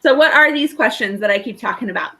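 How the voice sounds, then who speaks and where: Woman, school counselor, webinar presenter, conversational and reassuring, slightly high-pitched. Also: animated, fast, bright, forceful tone, low-quality recording. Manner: conversational, reassuring, frequent "right?" and "um".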